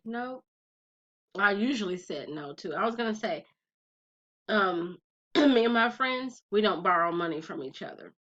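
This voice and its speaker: A young adult woman telling a personal story in a casual vlog, talking straight to her viewers in a chatty, animated way. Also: mid-range voice. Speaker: vlogger. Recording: slightly dull lo-fi recording.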